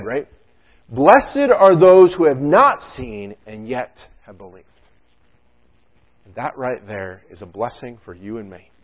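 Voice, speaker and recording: Male pastor, casual joking sermon delivery, thin phone-line sound, mid-pitched voice. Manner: casual, chatty asides and jokes. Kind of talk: conversational sermon.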